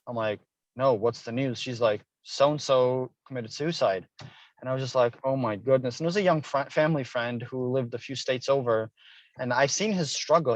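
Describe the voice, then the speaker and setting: A man's voice: mid-range voice, no room sound. Middle-aged guy telling his story in an interview, earnest, dry dull lo-fi sound. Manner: earnest, personal, acts out quoted dialogue. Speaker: guest author. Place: Hilo, Hawaii.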